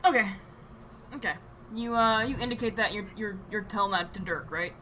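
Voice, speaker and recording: A woman narrating a tabletop game as game master, pausing often with ums and restarts. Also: medium pitch, fairly bright tone, slight background noise, poor audio. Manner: hesitant, with many ums and restarts.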